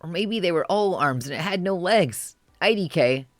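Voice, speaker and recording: A streamer voicing a young boy reading an excited diary entry aloud, in a loud, gushing voice. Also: medium pitch, moderate pace, no room sound, clean studio sound, pitched above the performer's own voice, lightly acted.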